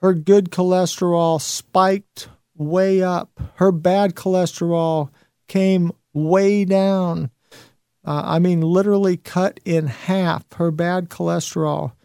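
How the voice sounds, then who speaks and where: A man's voice: sits high, fairly even intonation, takes it slowly, gravelly, darkish tone, clean tone, no echo, studio quality. A man hosting a motivational talk show, speaking emphatically and repeating phrases for effect. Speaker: host.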